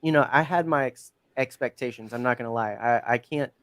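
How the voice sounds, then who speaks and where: Guy hosting a nerdy podcast, rambly and excited, smooth clear voice, dry close sound. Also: mid-range voice, brisk, no room sound. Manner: enthusiastic, rambling with fillers. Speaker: podcast host. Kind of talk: casual chat.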